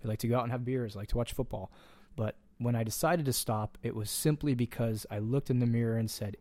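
A man's voice: medium pitch, a little fast, darkish tone, no echo. A man speaking as a coach in a casual podcast conversation, earnest and direct, plain-spoken with the odd curse word.

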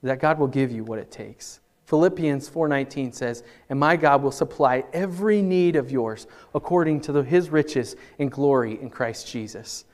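A man preaching an earnest Easter sermon as pastor at a church service, lifting his voice for scripture and dropping low for personal appeals. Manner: earnest, rises for scripture and drops soft for appeals.

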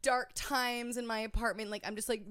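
Animated young woman telling a story. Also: fairly high pitch, moderate pace, clear, resonant tone, no echo, studio quality. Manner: animated storytelling, swears freely, laughs often, fillers like "like". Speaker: podcast co-host. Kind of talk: casual chat.

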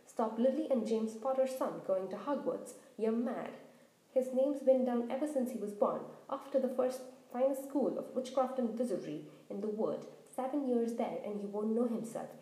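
A woman voicing a big, gruff, kindly male half-giant gamekeeper who talks loudly in a rustic dialect, in a storybook reading. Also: on the high side, normal speed, natural voice. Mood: angry. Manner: loud, blustering rural dialect. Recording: roomy echo.

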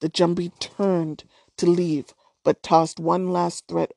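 A woman reading a novel aloud chapter by chapter in a calm, measured way. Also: on the low side, creaky, no room sound, clean studio sound. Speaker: storyteller.

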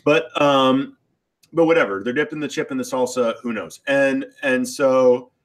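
A man's voice: mid-range voice, unhurried. Man explaining, thinking aloud. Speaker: podcast co-host. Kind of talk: casual theology chat.

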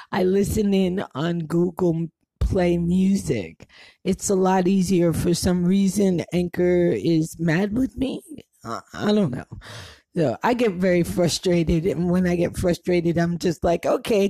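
A woman's voice: lowish voice, vocal fry, warm tone, no room sound. A woman leaving a chatty, familiar voice message for a podcast host. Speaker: caller. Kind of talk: recorded voice message.

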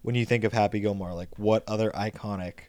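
A man's voice: fairly low pitch, steady tone, fast talker, a little mellow, no room sound. A man co-hosting a podcast, chatting casually and loosely about a movie with lots of fillers. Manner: loose, rambling, with frequent fillers. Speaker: podcast co-host.

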